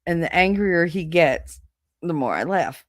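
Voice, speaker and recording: Rich: A middle-aged woman with a New York accent, on the low side for her voice, telling a story in a close, dry recording. She is animated and blunt, swears casually, laughs a lot and acts out the people in the story. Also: a little slow, no echo. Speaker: podcast host.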